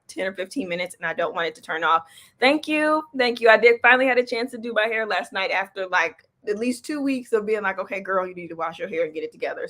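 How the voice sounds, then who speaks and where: A woman's voice: mid-range voice, sharp tone. A woman hosting a casual livestream, chatty and loose, breaking off mid-stream, with an out-of-breath edge. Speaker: livestream host and small business coach.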